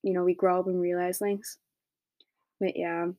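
A woman's voice: fairly low pitch, flat delivery, normal speed, warm tone, no echo, clean studio sound. A teenage girl hosting a solo podcast, ranting bluntly and rambling with lots of filler words. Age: teens. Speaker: podcast host. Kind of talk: solo opinion rant.

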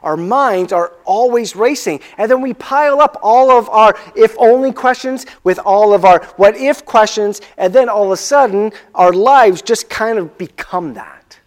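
A male pastor delivers a conversational sermon with a voice that sits high. He puts questions to his listeners and slows down to stress key words.

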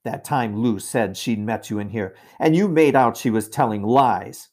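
A man's voice: mid-range voice, moderate pace, a little mellow, natural voice. A man reading aloud and voicing a confident eldest brother with hearty, old-fashioned schoolboy talk. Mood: earnest.

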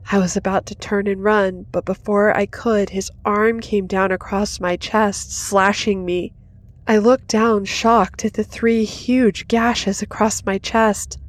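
Woman narrating a horror story. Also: mid-range voice. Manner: dramatic, rising to intense in action. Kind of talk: scripted first-person horror narration. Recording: soft music under the voice.

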